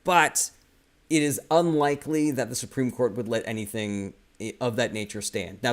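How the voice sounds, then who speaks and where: Male streamer, casual political commentary, heated and profane, reacts to viewer comments. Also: medium pitch. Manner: reads viewer comments aloud and answers them. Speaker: political livestream host.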